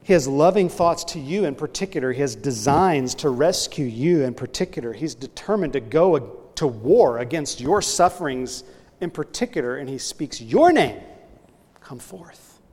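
A male pastor preaching an earnest sermon, his voice swelling loud on key points and then dropping low. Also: expressive, normal speed. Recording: long hall reverb.

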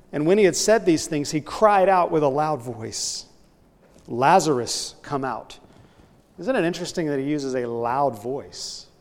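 A man preaching a sermon in a mid-pitched voice. He builds to loud, booming emphasis, then falls back to a hushed tone. The sound rings with the long reverb of a large hall. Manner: earnest preaching, voice swelling loud on key points then dropping low. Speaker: pastor.

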